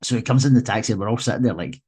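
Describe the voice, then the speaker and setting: A man's voice: fairly low pitch, animated, racing, mellow, breathy edge. A Scottish man co-hosting a casual football podcast, telling anecdotes in an easygoing way. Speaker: podcast co-host.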